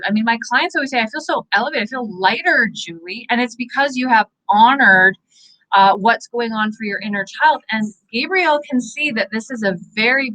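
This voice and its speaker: A woman's voice: mid-range voice, sharp tone, low-quality recording. A young woman from Canada giving a live angel card reading in an earnest, encouraging, declarative way. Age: young adult.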